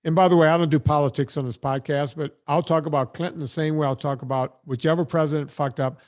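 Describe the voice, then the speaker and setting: A man's voice: on the high side, fairly even intonation, fast, a little mellow. A man hosting a podcast, ranting bluntly and sarcastically in casual chat. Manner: blunt, sarcastic, emphatic rants. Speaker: podcast host.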